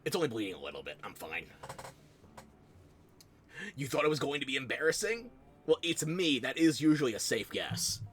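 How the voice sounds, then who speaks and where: A man's voice: mid-range voice, sing-song, moderate pace, long pauses, a bit bright. A man chatting casually with viewers while streaming a game, playful and self-deprecating, talking into a close desk microphone. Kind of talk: casual live-stream chat while playing.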